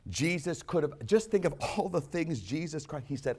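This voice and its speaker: A male pastor preaching a sermon, moving from quiet, low asides up to loud, shouted peaks. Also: lively intonation, normal speed, hardly any pauses.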